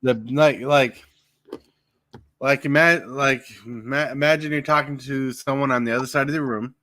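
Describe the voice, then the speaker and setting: Bright-voiced man giving casual tips. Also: medium pitch, fairly even intonation, moderate pace, no echo. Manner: coaching, gives tips on projecting voice. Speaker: podcast host. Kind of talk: casual live-stream chat. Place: home room at night.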